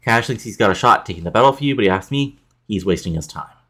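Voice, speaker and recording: A man's voice: lowish voice, lively intonation, fast talker, bright, forceful tone. A man voicing a big, threatening male bully wrestler demanding a title shot, in a game playthrough.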